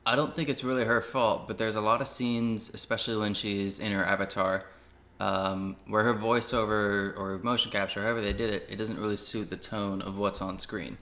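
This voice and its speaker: A young man co-hosting a casual movie review chat, laid-back and agreeable, quick to laugh. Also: on the low side, steady tone, pushed and bright. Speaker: co-host.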